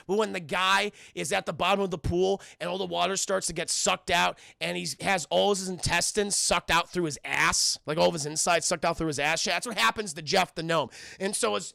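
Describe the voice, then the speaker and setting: A man streaming a casual, profane episode recap, animated and constantly addressing his chat. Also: high-pitched, vocal fry, no echo, studio quality. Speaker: streamer and cartoon reviewer.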